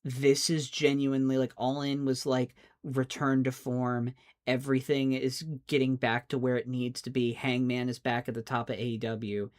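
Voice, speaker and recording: A man's voice: medium pitch, level tone, normal speed. A man, a streamer, in an exasperated, profane rant, often stammering and restarting his words. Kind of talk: angry rant.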